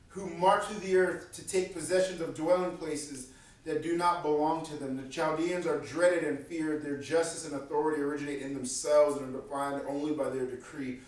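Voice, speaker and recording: A man preaching a sermon in a lively, animated way, acting out the voices of the people in his story. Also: a little high. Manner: animated, acts out voices of God and prophets. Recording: echoey room from far off.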